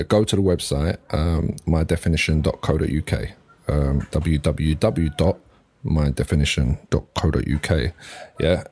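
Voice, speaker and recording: A man's voice: low voice, mellow. A man hosting a podcast, talking in a laid-back, slangy way and swearing casually. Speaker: podcast host. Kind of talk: casual chat.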